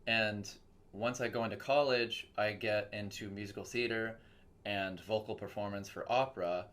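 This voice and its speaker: Interviewed as a guest, a young man who voice-acts and hails from Texas spins animated stories, doing the quoted voices himself. His voice is on the low side, and he speaks at a normal speed.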